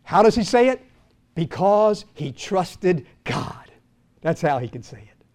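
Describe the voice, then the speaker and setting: Older male pastor, high-pitched, dramatic sermon delivery, rises loud and drops to a hush, quizzes the congregation. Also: sing-song, measured pace. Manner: dramatic preaching, swinging from loud to hushed; asks the congregation questions.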